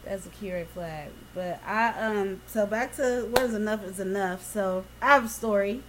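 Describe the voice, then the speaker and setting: A woman co-hosting a casual chat, telling stories in an animated, profane way. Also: medium pitch, normal speed, noisy background. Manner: animated storytelling, swearing freely.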